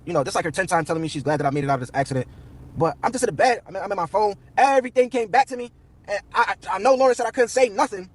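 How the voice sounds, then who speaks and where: Fast-talking husky young man telling a story. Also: sits high, no echo. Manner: slangy, profane, quoting everyone in turn. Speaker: storytelling streamer. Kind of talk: animated live storytelling.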